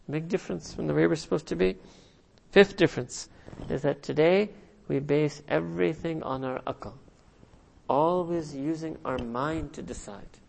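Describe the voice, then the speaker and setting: A man's voice: mid-range voice, creaky, a little mellow. A man giving a sermon as a religious teacher, repeating phrases rhetorically and checking in with a questioning "hmm?". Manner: quotes Arabic and Urdu phrases.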